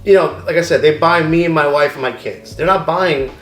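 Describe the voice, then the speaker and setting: A man's voice: a little high, fairly quick, reverberant, faint music behind. A man, co-owner of a record shop, telling stories in casual chat and acting out the dialogue, swearing freely.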